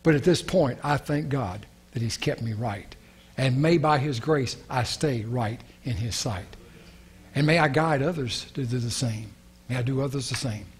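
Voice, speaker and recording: A man's voice: mid-range voice, measured pace, slightly rough. A male pastor preaching a sermon, earnest and prayerful, repeating key phrases.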